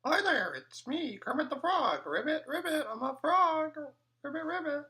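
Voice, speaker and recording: A young man voicing a cheerful male frog puppet who croaks little ribbits in a nasal tone. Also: very high-pitched, very animated, moderate pace, sharp tone, voice pushed up, full character voice. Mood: cheery. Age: young adult.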